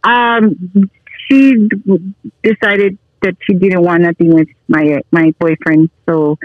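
A woman's voice: on the low side, fairly even intonation, takes it slowly, dry recording, muffled recording. A woman in her forties, a guest telling stories in a casual chat and laughing easily. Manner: chatty storyteller, laughs easily.

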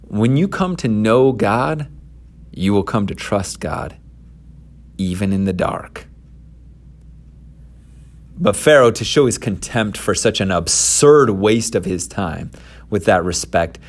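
A man retelling a scripture story in a casual, conversational way and adding his own commentary. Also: medium pitch. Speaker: scripture teacher.

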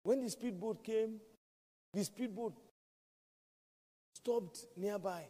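A man's voice: sits high, takes it slowly, warm tone. A man preaching a sermon, emphatic and fond of repeating key phrases. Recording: long reverb of a large hall.

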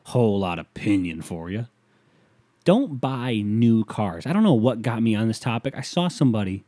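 A young man hosting a solo podcast, rambling casually, swearing often and mumbling asides in a deadpan way. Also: on the low side, moderate pace, no echo. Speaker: podcast host.

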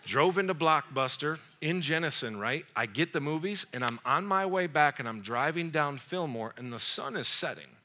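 A man in his forties giving a sermon as a lively storyteller, cracking jokes and acting out both sides of the conversation. His voice is strikingly bright and forward, and it jumps around a lot in pitch. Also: moderate pace, hardly any pauses. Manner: animated, jokey storyteller, acts out dialogue. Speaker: young adult pastor.

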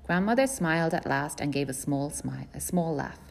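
A woman reading a first-person novel aloud in a plain, measured storytelling voice. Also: sits low, lively intonation, creaky. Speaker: audiobook reader.

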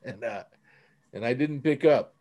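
A man's voice: mid-range voice, unhurried, warm tone. A man telling his own recovery story on a podcast, earnest and casual, often dropping "man".

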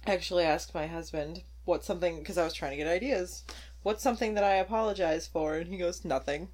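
A woman's voice: fairly low pitch, fairly even intonation, fast, darkish tone. A married woman from Minnesota co-hosting a casual chat, easygoing and self-deprecating.

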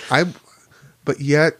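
A man's voice: fairly high pitch, fairly even intonation, very slow, a bit bright, dry recording, studio quality. A man co-hosting a podcast in casual chat, laughing often and leaning on "like" as a filler. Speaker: podcast co-host.

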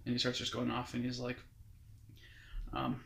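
A man's voice: medium pitch, monotone, moderate pace, creaky, a bit bright. A young man casually telling a long story as a guest. He rambles and keeps quoting others with "he's like". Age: young adult. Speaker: guest recounting his mission. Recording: roomy echo.

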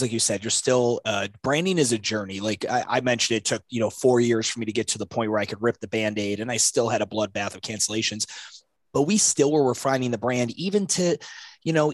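A man hosting a relaxed conversation, spinning anecdotes and acting out both sides of the dialogue with colorful sayings. His voice sits at an ordinary middle pitch. The sound is dry and close to the mic. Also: no echo. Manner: storytelling, acts out dialogue, folksy sayings. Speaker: podcast host, former gym owner. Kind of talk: casual conversational interview.

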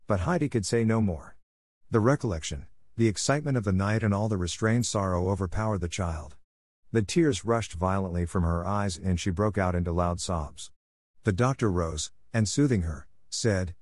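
A man narrating a children's novel aloud in steady storytelling fashion. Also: low voice, normal speed, no echo, studio quality. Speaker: audiobook narrator.

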